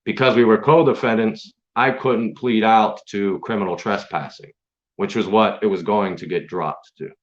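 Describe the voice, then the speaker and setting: Hosting his own online stream, a man with a lowish, steady voice delivers an angry, profane, confrontational rant aimed straight at his critics. He speaks at a moderate pace, and the recording has a dull lo-fi sound.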